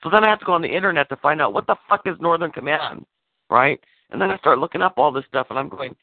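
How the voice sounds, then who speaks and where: A man telling an animated story over a call, gravelly and full of cursing as he acts out what was said. His voice is dry, with a tinny phone-line sound. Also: fairly high pitch, fast, no room sound. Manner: animated storytelling, swearing, acting out quoted lines. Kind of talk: casual phone chat.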